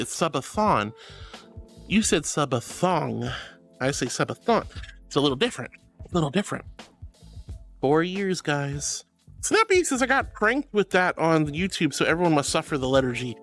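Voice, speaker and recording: A woman streaming as a VTuber, casually reading chat with bubbly, affectionate warmth, calling viewers sweetie and honey. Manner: playful, swings between squeaky highs and low mutters.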